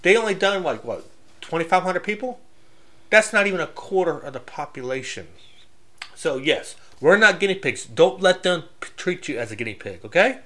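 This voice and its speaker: A man's voice: fairly high pitch, lively intonation, normal speed, fairly bright tone. A man giving a casual, blunt faith talk, preaching straight with many restarts and loose grammar. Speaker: Christian speaker.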